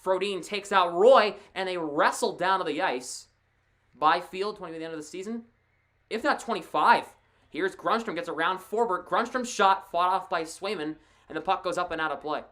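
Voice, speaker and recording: A woman giving casual live play-by-play of a hockey game as a fan commentator, excitable and quick to laugh, with chatty asides to a co-host. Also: fairly low pitch.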